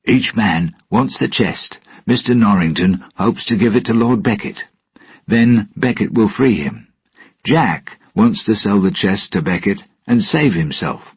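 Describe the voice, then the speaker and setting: A simple-minded pirate deckhand explains things earnestly in a husky, slightly raised voice as a man reading the story puts him on. The delivery is slow and the recording sounds dull. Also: lowish voice, lively intonation, pitched above the performer's own voice, exaggerated voice.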